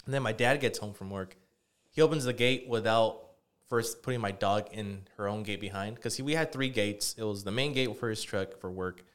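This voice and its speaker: A man's voice: on the low side, moderate pace, clean tone. A man co-hosting a podcast, telling a rambling story in casual chat with lots of fillers and swearing. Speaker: podcast co-host.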